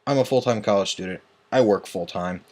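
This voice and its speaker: A young man who hosts online tournaments vents in a profane, agitated late-night vlog rant, tired and yawning as he goes. His voice is on the low side with a darkish tone, and he talks a little fast.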